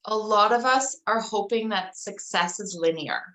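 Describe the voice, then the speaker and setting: A woman's voice: mid-range voice, normal speed, sharp tone, rough recording. A middle-aged woman, a guest in an interview, speaking casually and telling a story with many fillers. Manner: chatty, loose storytelling with frequent 'like' and 'um'.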